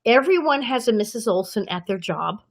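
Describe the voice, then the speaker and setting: A woman in her fifties, a guest actress in an interview, telling stories in a lively way and acting out the people she quotes. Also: on the high side, brisk. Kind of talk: anecdotal interview storytelling.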